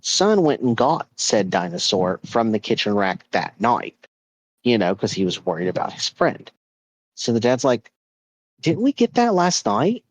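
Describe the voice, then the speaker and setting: Low-voiced man telling a ghost story. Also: lively intonation, normal speed, dry recording, poor audio. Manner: rambling, with many repeats and fillers. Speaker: podcast host.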